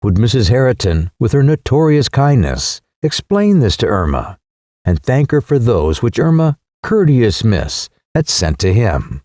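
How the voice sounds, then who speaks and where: Reading a classic novel from script, this male audiobook narrator is measured yet expressive, with a mellow, warm voice whose pitch ranges widely. The sound is dry and close-miked.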